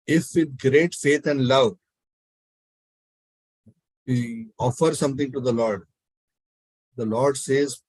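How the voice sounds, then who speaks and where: A man telling a devotional story in a talk, animated and acting out the characters. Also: medium pitch, takes it slowly, pauses often, no echo, poor audio. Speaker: spiritual speaker.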